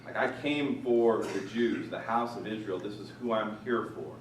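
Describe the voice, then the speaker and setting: A man teaching through a Bible passage, animated, rising loud on quoted lines and dropping quiet for asides. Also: lowish voice, moderate pace, recorded from a distance, slight background noise. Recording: echoey room from off-mic, faint ambience.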